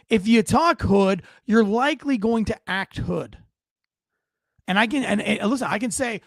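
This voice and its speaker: A man's voice: very high voice, normal speed, gravelly, a bit bright, no echo, clean studio sound. A middle-aged man, a former police officer, giving blunt, profane and indignant video commentary.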